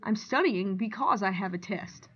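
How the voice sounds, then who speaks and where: A female Spanish teacher leads a language lesson at a steady, deliberate pace, reading example sentences aloud and clearly explaining each. Her pitch is an everyday middle range, and the recording sounds a little dull and lo-fi.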